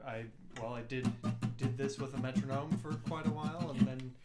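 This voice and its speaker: A man's voice: mid-range voice, brisk. A man co-hosting a home music session, making dry jokes from off mic. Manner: dry, deadpan joking. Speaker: co-host and musician. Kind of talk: casual banter.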